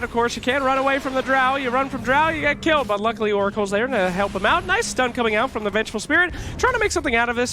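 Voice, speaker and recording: An irreverent play-by-play caster calls a live video game match into a headset, mixing fast calls with jokes. The voice sits in a middle register over a noisy hiss. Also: mid-range voice. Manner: joking, irreverent. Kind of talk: live game commentary with banter.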